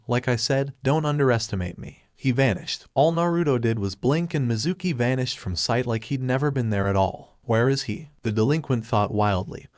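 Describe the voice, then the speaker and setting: A man's voice: mid-range voice, a little mellow, no echo. Man reading a story, dry and close. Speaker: narrator. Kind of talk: fan-fiction reading.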